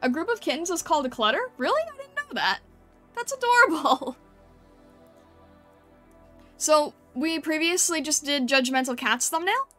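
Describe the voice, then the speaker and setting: A woman's voice: sits high, sing-song, normal speed, long pauses, a bit bright, soft background music. A woman streamer chatting casually with her chat and thinking aloud while she paints over and critiques thumbnails.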